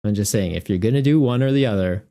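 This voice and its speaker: A man's voice: on the low side, quick pace, warm tone. A man chatting casually on a live stream as a tournament organizer, laughing often and joking with his viewers.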